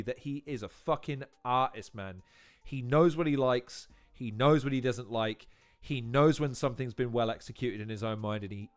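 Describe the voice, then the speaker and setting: A man hosting a live-stream watch-along, talking in profane, rambling tangents. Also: mid-range voice. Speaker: host.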